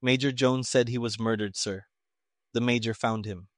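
A man's voice: mid-range voice, fairly even intonation, normal speed, no room sound, clean studio sound, close to an everyday voice. A man reading an audiobook, voicing a dutiful young army orderly who reports stiffly, as if reciting.

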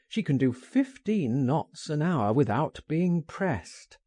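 A man reading an audiobook memoir aloud in a slow, theatrical way, his pitch rising and falling widely. His tone is mellow and a little husky. The sound is close and dry. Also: dry recording. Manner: expressive, theatrical. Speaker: narrator.

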